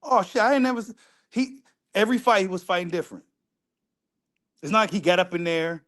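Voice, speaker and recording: A man's voice: high-pitched, animated, a little fast, long pauses, fairly bright tone. A man giving casual reaction commentary, repeating phrases and swearing for emphasis. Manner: repetitive, emphatic, profane street talk. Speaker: host reacting to video.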